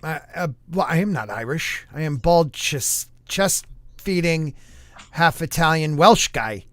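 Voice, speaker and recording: A man from Connecticut on a live stream call, joking with quick comebacks. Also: on the high side, lively intonation, no room sound. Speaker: guest. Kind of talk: casual chat.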